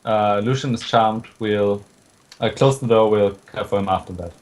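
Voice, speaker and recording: A man's voice: fairly low pitch, steady tone, moderate pace, a little mellow. A man playing a tabletop game who hesitates, repeats himself and chuckles often. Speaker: player. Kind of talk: casual tabletop game chat.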